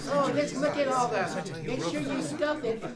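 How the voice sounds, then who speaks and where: Brief: high-voiced speaker, slow, teasing, rambling, with a loud crowd in a big hall.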